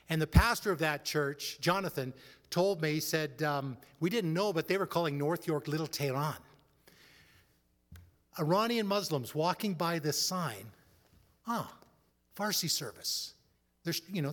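A man's voice: on the high side, a bit bright, big-room sound. A man preaching a sermon as a pastor, building to fervent exhortation with frequent restarts. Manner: rising into fervent preaching, stumbles over restarts.

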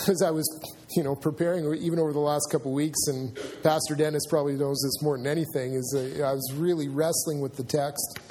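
A man preaching a sermon in a church, earnest and halting, often restarting his sentences and filling pauses. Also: fairly high pitch, dark tone, a little hiss or hum. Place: church sanctuary.

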